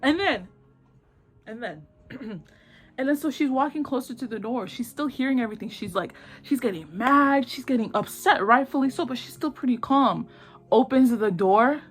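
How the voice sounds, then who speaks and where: A young woman casually retelling a drama plot in slangy, excitable talk, acting out lines in quick voices. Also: high voice, slightly rough, faint music behind. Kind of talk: casual animated storytelling.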